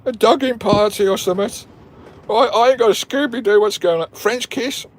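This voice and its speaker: Jokey host with a high voice, bantering with live viewers and laughing. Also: male voice, normal speed. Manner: jokey, cheeky, swears freely, laughs a lot. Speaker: vanlife channel host. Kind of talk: live-stream chat playing a picture puzzle with viewers.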